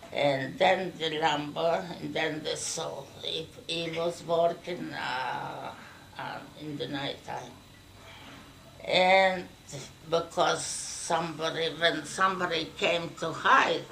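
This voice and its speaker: Older woman, from Ukraine, halting and repetitive, gravelly voice, faint background hiss. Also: lowish voice, a bit bright. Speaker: interviewee recounting wartime memories. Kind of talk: oral history interview. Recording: distant mic, faint background noise.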